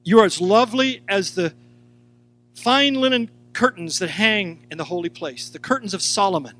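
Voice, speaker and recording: A man teaching a sermon in a high, lifted voice. He is animated, acts out the lines he quotes, and turns to talk straight to his listeners. Soft music sits faintly underneath. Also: normal speed. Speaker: Bible teacher.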